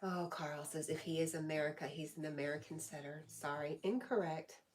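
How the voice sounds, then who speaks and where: Low-voiced woman chatting with her live audience. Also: steady tone, normal speed. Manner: reads viewer comments aloud and answers chattily. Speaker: livestream host. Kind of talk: casual live chat.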